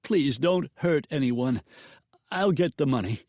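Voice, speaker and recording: A man's voice: mid-range voice, lively intonation, a little slow, darkish tone, no room sound, voice pushed up, lightly acted. Scared banker, raised and pleading, dry close read, a male narrator doing the voice. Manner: pleading, nervous. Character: cowed, frightened male banker.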